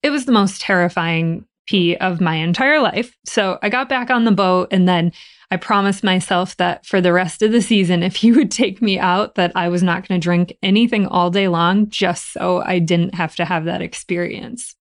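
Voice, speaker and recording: A woman's voice: fairly low pitch, normal speed. A woman hosting a podcast, telling a personal story in a chatty way and laughing often. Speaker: podcast host.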